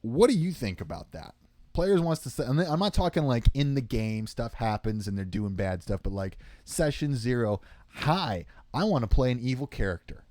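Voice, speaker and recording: Man co-host, joking storyteller, dropping into quick impressions; dry, close recording. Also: mid-range voice, expressive, warm tone, dry recording. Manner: joking, tells anecdotes, does quick impressions. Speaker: podcast co-host. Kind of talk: casual chat.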